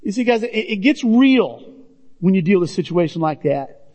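High-voiced pastor preaching in a hall. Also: male voice, expressive, normal speed, darkish tone. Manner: earnest, addresses listeners as "guys". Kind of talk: sermon. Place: church sanctuary. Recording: dull, reverberant hall sound.

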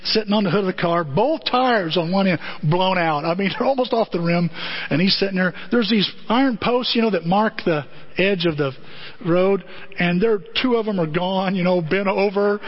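A middle-aged male pastor preaching a sermon, telling a family story and acting out the voices. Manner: animated storytelling, acts out voices in high falsetto. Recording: dull lo-fi sermon audio.

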